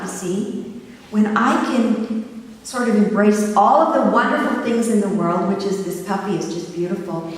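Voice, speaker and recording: Older woman preaching in an echoey hall. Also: mid-range voice. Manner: earnest, asks the congregation for agreement. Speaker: minister. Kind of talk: sermon. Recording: echoey hall from far off, faint hiss.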